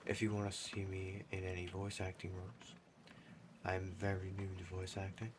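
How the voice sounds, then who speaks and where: Rambling low-voiced man, keyboard clacking. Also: completely flat delivery, moderate pace. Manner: rambling, self-deprecating. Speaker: gaming YouTuber. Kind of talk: casual chat over gameplay. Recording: clear keyboard typing noise behind. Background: computer keyboard typing.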